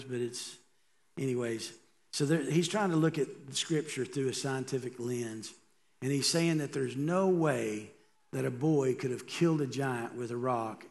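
A middle-aged man, a pastor, preaching a sermon in a conversational way and asking the congregation rhetorical questions. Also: mid-range voice.

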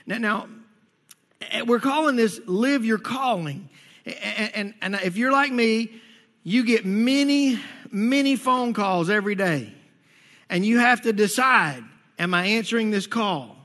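High, bright-voiced pastor in a reverberant hall. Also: male voice, animated, unhurried. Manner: storytelling with stammered restarts and acted-out quotes. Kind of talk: sermon. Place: church sanctuary. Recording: long reverb of a church hall.

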